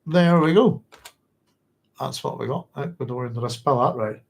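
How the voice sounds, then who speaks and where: A man's voice: mid-range voice, normal speed, rough recording. A man hosting a book club, chatting loosely, correcting himself and laughing often. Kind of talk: casual book talk.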